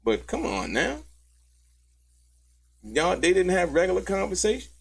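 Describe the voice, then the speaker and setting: Reacting to courtroom testimony for a live audience, this commentator talks with slang-heavy emphasis and gives shout-outs to viewers by name. He has a high, slightly rough voice with vocal fry, delivered a little slowly.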